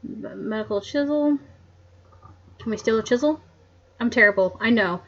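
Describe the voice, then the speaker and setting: A woman's voice: on the high side, moderate pace, a bit bright, lo-fi sound. A woman giving playful, giggly gameplay commentary while playing a game. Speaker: game streamer.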